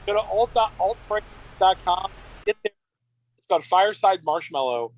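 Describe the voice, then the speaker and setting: A man's voice: high voice, moderate pace, a little hiss or hum, low-quality recording. Enthusiastic middle-aged man. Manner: excited, enthusiastic storytelling. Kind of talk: casual chat.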